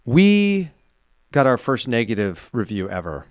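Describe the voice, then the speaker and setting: Rambling, animated male podcast host. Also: medium pitch, unhurried, no room sound, studio quality. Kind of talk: casual chat.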